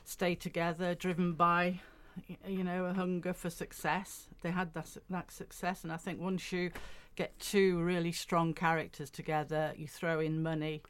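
A woman's voice: fairly low pitch, level tone, moderate pace, hardly any pauses, smooth. A woman being interviewed as a guest in a radio studio, explaining at length in an earnest way. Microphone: studio microphone.

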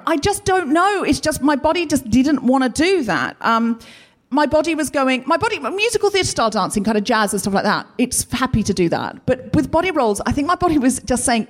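A woman from Australia hosting a live show, telling self-mocking comic stories in a chatty way. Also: high-pitched. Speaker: podcast host. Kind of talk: live stand-up comedy monologue.

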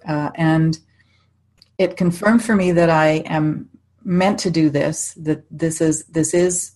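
A woman's voice: sits low, steady tone, takes it slowly, darkish tone. A middle-aged woman, a psychic medium, telling chatty stories in casual conversation, often laughing and restarting her sentences.

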